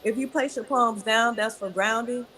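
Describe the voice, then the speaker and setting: A woman yoga teacher giving calm, guiding breathing instructions in an interview over a video call. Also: on the high side, normal speed. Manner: calm, guiding, soft-spoken.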